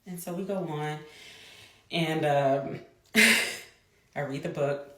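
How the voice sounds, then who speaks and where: Mom vlogger, 30s, deep for a woman, chatty and quick in bursts, roomy sound. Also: background noise. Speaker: mother. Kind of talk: casual storytelling vlog. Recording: echoey room.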